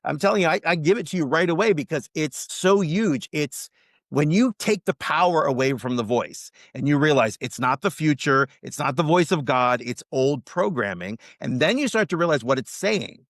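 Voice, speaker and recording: A man speaking as a podcast guest, teaching mindset in an emphatic, animated motivational way. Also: on the high side, moderate pace, no echo, clean studio sound. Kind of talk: casual podcast interview.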